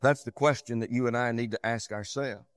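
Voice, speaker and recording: A man preaching a sermon, rising to loud, high passages and sinking to low, quiet ones. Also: steady tone, a little fast, dry recording, clean studio sound.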